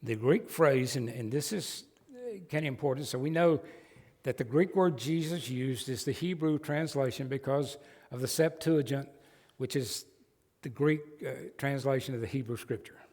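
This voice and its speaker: A pastor with a Southern American accent preaches a sermon in a church sanctuary, folksy and emphatic with joking asides. His medium-pitched voice is a little mellow and moves at a moderate pace, and the recording carries long church hall reverb.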